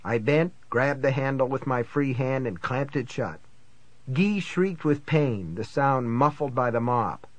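A man narrating a first-person thriller audiobook in a tense, measured storytelling manner. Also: mid-range voice, expressive, dry recording.

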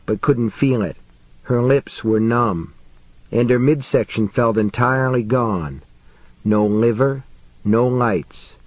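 A man narrates a suspense story in an unhurried, deliberate pace. His delivery is measured and builds quiet tension. The recording is close and dry, with no room sound at all. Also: mid-range voice, dry recording, low-quality recording. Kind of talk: audiobook narration.

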